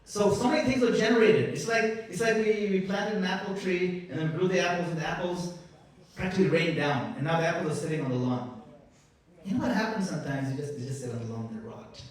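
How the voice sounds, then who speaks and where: A man closes a conference with warm, playful storytelling. His voice sits a little higher than most men's. He is heard from far off in a large, very echoey hall. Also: fast. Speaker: conference moderator. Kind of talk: closing remarks at a conference.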